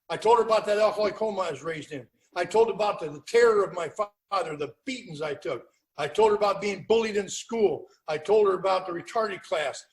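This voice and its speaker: A man's voice: high-pitched, rough recording. An older man speaking at a recovery meeting over a video call, telling his story in a plainspoken, wry way.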